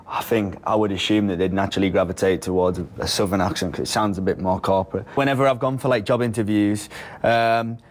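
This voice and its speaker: A young man speaks casually, with fillers and a few stumbles. His voice is on the low side. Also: fairly even intonation, fast. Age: young adult. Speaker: interviewee. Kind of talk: casual interview.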